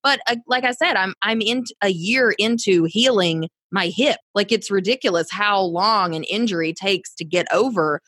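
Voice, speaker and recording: A woman's voice: medium pitch, moderate pace, hardly any pauses, fairly bright tone, no room sound. Frank, down-to-earth woman health coach. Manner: frank and down-to-earth, with many fillers like "you know". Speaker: fitness and health coach guest. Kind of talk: casual conversational interview.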